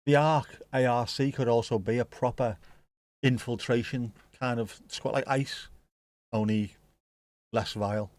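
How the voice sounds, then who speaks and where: Speaking a little slowly in a mid-range, slightly mellow voice with fairly even intonation, a man chats through a live football watch-along. He rambles, jokes and swears freely, and there's no room sound.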